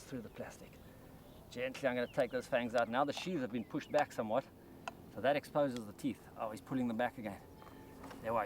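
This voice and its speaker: A man's voice: medium pitch, slight background noise. A man presenting a wildlife documentary outdoors by rice paddies, explaining and exclaiming with enthusiasm.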